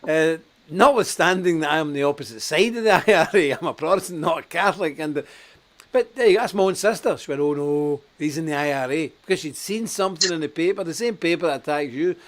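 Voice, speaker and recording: A man's voice: a little high, lively intonation, fast, slight background noise. A man from Scotland hosting a political talk show, blunt and emphatic, laughing at his own stories.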